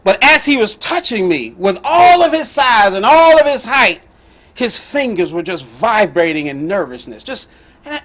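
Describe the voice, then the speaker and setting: A middle-aged man telling a personal story as the host, animated and emphatic. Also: very high-pitched, normal speed. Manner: animated, emphatic, with laughs and outbursts.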